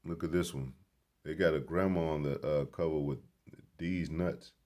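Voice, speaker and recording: Filming a rambling, casual vlog in a grocery store, this man speaks at normal speed in an extremely low, darkish voice with a steady tone. His commentary is blunt, preachy and emphatic, full of swearing.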